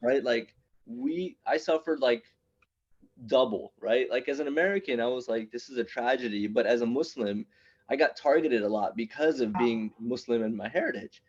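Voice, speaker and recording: Animated male stand-up comic, muffled recording. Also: mid-range voice, husky. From immigrant raised in New York City. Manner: animated, punchy, quick asides to the crowd. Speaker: stand-up comedian at open mic. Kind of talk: stand-up comedy storytelling.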